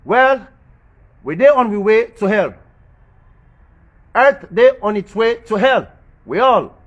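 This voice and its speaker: A man with a high, light voice gives a loose, rambling monologue in creole-tinged English. He circles back and repeats key phrases for emphasis, and now and then lets out a soft chuckle to himself. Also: animated, slow, highs cut off. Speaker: social media commentator. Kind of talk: rambling spoken monologue about planets and religion.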